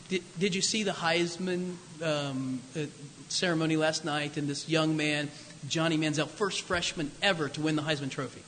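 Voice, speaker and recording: Brief: chatty male preacher, high bright voice, long reverb from a large hall. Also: steady tone, normal speed. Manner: conversational, jokey, many asides. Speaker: pastor. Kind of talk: sermon.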